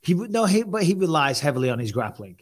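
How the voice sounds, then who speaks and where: A chatty man hosts a laid-back sports chat, teasing his guest and circling back over his own words. His voice sits a touch higher than most men's. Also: very animated, fast talker. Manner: chatty, teasing, repeats himself. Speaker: host and commentator.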